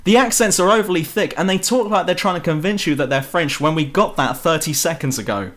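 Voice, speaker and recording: Sweary sarcastic British game reviewer. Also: male voice, fairly high pitch, expressive, a little fast, hardly any pauses, fairly bright tone. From Britain. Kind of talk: ranting game review voice-over. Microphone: home computer mic.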